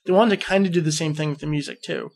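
A young man with a notably high voice hosts a casual fan podcast. He rambles and jokes with excitable energy, hyping a contest to his listeners. He is from New Jersey. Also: fast, vocal fry. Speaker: podcast host.

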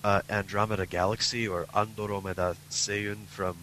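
Lower voiced guy co-hosting a podcast, explains stuff with lots of uhs, slight hum on the recording. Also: flat delivery, moderate pace, few pauses, bright, forceful tone, low-quality recording. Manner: explanatory, many filler ums and uhs. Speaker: podcast co-host. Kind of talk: casual chat.

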